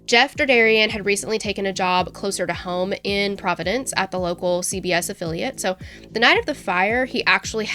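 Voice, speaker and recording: A woman co-hosting a casual true-crime podcast, talking in an animated, self-mocking way and laughing at herself. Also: fairly high pitch. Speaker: podcast co-host.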